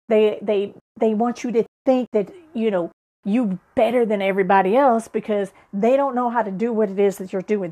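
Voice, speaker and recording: A woman's voice: medium pitch, darkish tone. A middle-aged woman hosting a motivational podcast, preaching and swearing to her listeners in a fired-up way. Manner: fired-up, preachy, profane, talks straight to listeners. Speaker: podcast host.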